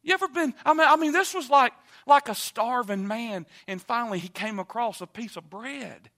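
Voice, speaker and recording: A man preaching a sermon in a church, moving from quiet teaching to loud, impassioned appeals. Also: normal speed. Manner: builds from low calm to loud impassioned preaching. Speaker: pastor. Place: church sanctuary.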